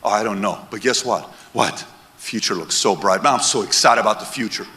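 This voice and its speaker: A man voicing a laid-back, softly upbeat man who thinks long term, lower and quieter than his own voice. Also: fairly quick. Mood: relaxed. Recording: echoey hall with long reverb.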